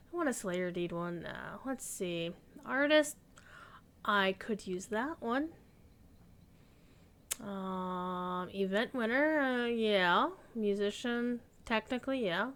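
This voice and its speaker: Smooth-voiced woman chatting while gaming. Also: fairly high pitch, a little slow, a bit bright. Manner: chatty and rambling, thinking aloud. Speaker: game streamer. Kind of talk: casual gaming stream chat.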